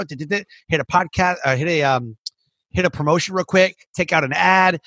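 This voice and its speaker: A man's voice: on the high side, a little fast, bright, forceful tone, no room sound. A man who hosts a podcast and coaches, chatting in a rambling way, full of "like" and restarts. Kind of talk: casual interview chat.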